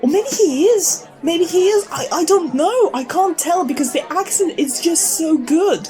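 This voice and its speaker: A woman's voice: very high voice, animated, a little slow, warm tone. A young woman playing a scatterbrained theatregoer in a comic sketch, rambling and tripping over her words. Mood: excited.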